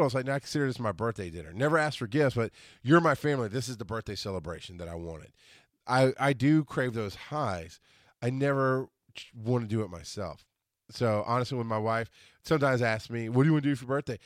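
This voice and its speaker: A man's voice: mid-range voice, dry recording. Rambling man in his forties, dry close sound. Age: 40s. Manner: rambling, restarts and self-corrections, animated when quoting others. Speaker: podcast host. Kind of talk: casual solo monologue.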